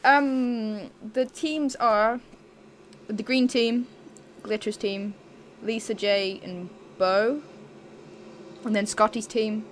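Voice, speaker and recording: A woman's voice: fairly high pitch, steady tone, slight background noise. A woman co-hosting a casual podcast, recapping a TV episode with lots of laughs and swearing. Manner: giggly, sweary, slow deliberate recap. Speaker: podcast co-host. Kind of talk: casual chat recapping a reality show.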